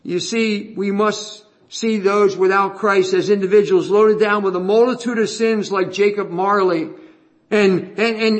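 A male preacher with a high voice delivers an expository sermon. He talks earnestly, repeats his key phrases for emphasis and slows down when he reads scripture aloud.

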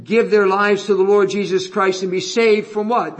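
Guy preaching a sermon, kinda high voice, earnest, keeps repeating himself for emphasis. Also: steady tone. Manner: earnest, repetitive emphasis, reads scripture aloud slowly. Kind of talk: expository sermon.

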